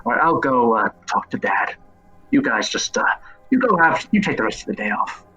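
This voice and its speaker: A man's voice: medium pitch, very animated, a little fast, sharp tone, husky, faint music behind, heavily acted, poor audio. A man voicing a young male heir in a tabletop game, dismissive and matter-of-fact. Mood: calm.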